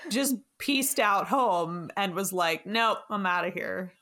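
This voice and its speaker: A woman's voice: mid-range voice, lively intonation, takes it slowly, bright, forceful tone. A woman hosting a podcast, chatting casually and enthusiastically with her guest and laughing often. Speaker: podcast host. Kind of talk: casual chat.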